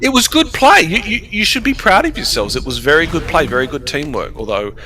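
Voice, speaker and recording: An Australian man chatting with teammates over voice chat during a game stream, animated and teasing. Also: fairly high pitch, a little fast. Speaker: streamer playing a mech game. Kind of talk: casual gaming voice chat.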